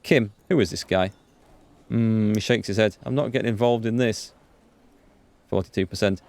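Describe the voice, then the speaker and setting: A man hosting a let's play, reading the game's dialogue aloud with quick asides to viewers. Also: creaky. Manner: reads dialogue aloud with quick asides, jumps in pitch when excited. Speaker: gaming channel host.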